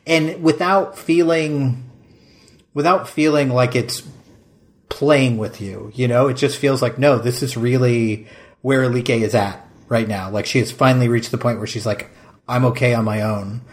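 Male podcast co-host, mid pitch, casual and gushing, heavy on "like.". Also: unhurried. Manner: emphatic, effusive, many "like"s. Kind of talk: casual film discussion.

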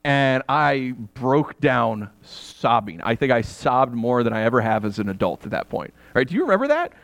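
A man's voice: mid-range voice, big pitch swings, normal speed, gravelly, a bit bright, dry recording. A middle-aged man preaching a sermon in a chatty, conversational way, with asides to his congregation and bursts of laughter. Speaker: pastor.

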